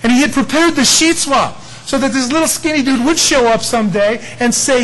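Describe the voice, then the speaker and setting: A man preaching a sermon, conversational and playful, dropping to hushed asides and rising to loud emphatic peaks. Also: very high voice, fast, hardly any pauses, slight background noise, low-quality recording. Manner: chuckles often, conversational and playful. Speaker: pastor.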